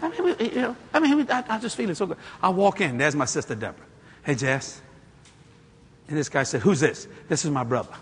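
A man preaching a sermon through a story, acting out the people in it and working up to loud shouts. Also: on the high side, fairly quick, slightly rough. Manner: animated, acts out the people in his stories, climbs to shouting.

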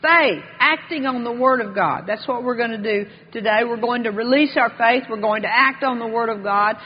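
A woman preaching a sermon with fervor, reading scripture aloud and slowing down to stress key words. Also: on the high side. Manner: fervent, slows and rises for emphasis, reads scripture aloud. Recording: dull long-reverb hall.

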